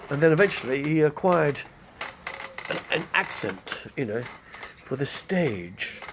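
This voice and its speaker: A man's voice: fairly high pitch, very animated, unhurried, a bit bright, slight background noise. An older man, rambling casually on a live stream, chatty and digressive. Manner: chatty, digressive, name-dropping.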